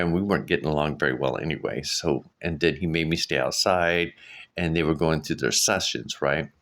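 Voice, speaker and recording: A man's voice: rumbling low, a bit bright. A middle-aged man vlogging casually, telling a story in a rambling way with many restarts and fillers. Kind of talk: casual vlog monologue.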